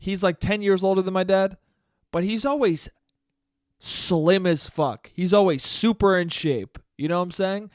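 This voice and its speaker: A man's voice: high-pitched, measured pace, no room sound, studio quality. Young man ranting profanely into a podcast mic. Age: young adult. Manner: profane, animated storytelling. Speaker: podcast host. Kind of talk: casual solo podcast monologue.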